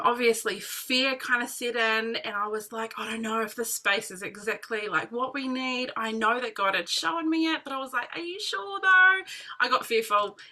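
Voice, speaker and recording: A woman telling her personal testimony to a group, in animated casual storytelling full of "like" and "literally". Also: a little high. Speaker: team member sharing testimony.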